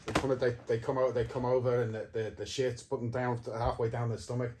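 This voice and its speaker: A man's voice: medium pitch, level tone, a little fast, a little mellow. A man hosting a casual interview, agreeing and adding his own short door story. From Australia. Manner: agreeable, short backchannel replies. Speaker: host.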